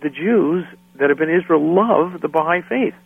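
A middle-aged American man, a musician and guest, telling lively anecdotes and acting out the people in them, often laughing. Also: fairly high pitch, moderate pace, vocal fry, breathy edge, dry recording. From United States. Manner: animated anecdotes, acts out quoted voices. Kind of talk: storytelling interview. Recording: dry phone-line sound.

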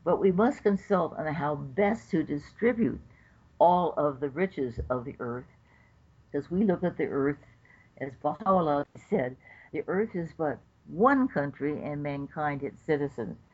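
In a dull, lo-fi interview recording, an older federal judge recounts stories at a measured pace, performing others' quotes with animation. Her voice sits low and is slightly rough.

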